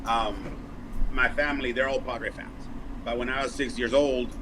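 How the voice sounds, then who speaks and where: A man's voice: medium pitch, noisy background. A man, chatting as an interview guest and acting out quotes in his stories. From Mexico. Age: 40s. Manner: animated storyteller, quick restarts, acts out quotes. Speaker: guest, baseball broadcaster. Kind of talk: casual interview chat.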